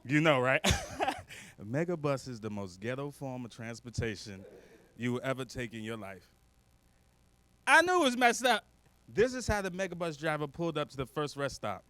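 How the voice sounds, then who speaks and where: Give me a bright, animated male stand-up comedian on a stage mic. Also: medium pitch, normal speed, no room sound. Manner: animated, lots of character voices.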